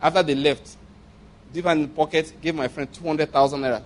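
Nigerian pastor, high-pitched male voice, animated storyteller, acts out characters in a sermon. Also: a little fast, a little hiss or hum. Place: church.

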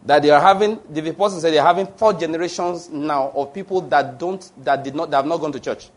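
A man's voice: fairly high pitch, fairly quick. A man preaching a sermon, emphatic and digressive, asking the congregation questions and answering them himself. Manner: digressive, with restarts and fillers.

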